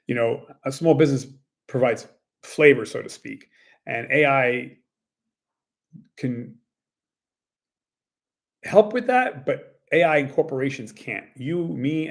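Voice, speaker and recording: A man in a mid-range voice talks casually to camera about running a small business. He rambles and leans on fillers, often slipping into quick acted-out quotes of what people say. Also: mid-range voice. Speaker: small business owner and tennis coach.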